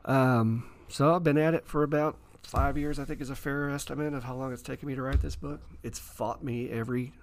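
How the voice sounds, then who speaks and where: With a mid-range voice, this author talks fairly quickly and barely pauses during a studio interview. He tells his story animatedly, performing the quoted dialogue.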